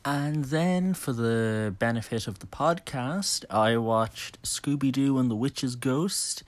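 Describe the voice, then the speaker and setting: A man's voice: medium pitch, takes it slowly. A young man, a podcast host giving an opinionated, enthusiastic casual review of films he watched. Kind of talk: casual film review monologue.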